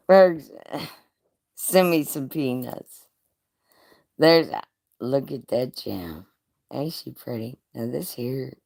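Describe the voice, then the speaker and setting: A woman's voice: low voice, gravelly. A woman chatting casually on a live stream, showing off jewelry, teasing her viewers and laughing with folksy slang.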